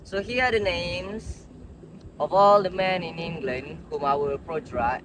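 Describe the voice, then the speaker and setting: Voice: medium pitch, fairly even intonation, measured pace, noisy background, natural voice. A performer voicing a brash, swaggering male gangster who blusters, sneers and swears a lot. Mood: sly. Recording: music clearly underneath.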